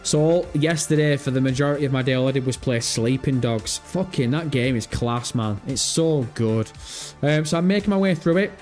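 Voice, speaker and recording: A man chatting on a live stream, lively and loose, thinking out loud and cursing freely. His voice sits at a mid pitch, with faint music underneath. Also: moderate pace. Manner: animated, swears freely, thinks aloud. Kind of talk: casual live-stream chat.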